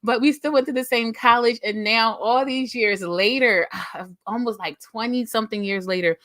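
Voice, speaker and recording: A woman's voice: a little high, normal speed, a bit bright, no room sound. A woman in her thirties hosting a casual chat, heartfelt and emotional, rambling with repeated words. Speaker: host.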